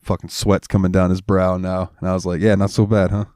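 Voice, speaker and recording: In clean studio sound with no room echo, a deep-voiced man speaks briskly as a podcast co-host. He swears freely while telling animated stories, performing the voices of everyone in them.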